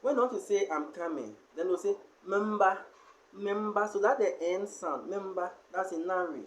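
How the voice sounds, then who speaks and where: A language teacher giving a spoken lesson on pronunciation, explaining slowly and pausing often with fillers. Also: mid-range voice, expressive, rough recording.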